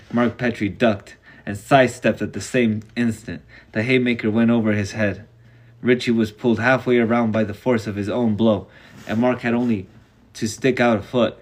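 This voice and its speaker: A man's voice: medium pitch, steady tone, normal speed. A man reading a novel aloud live, casual and reactive, sometimes swearing between passages. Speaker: reader.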